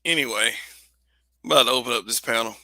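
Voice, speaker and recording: A man's voice: mid-range voice, fast, pushed and bright, no echo. A man hosting a livestream, talking casually and bluntly, swearing, restarting sentences and repeating phrases for emphasis. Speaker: livestream host.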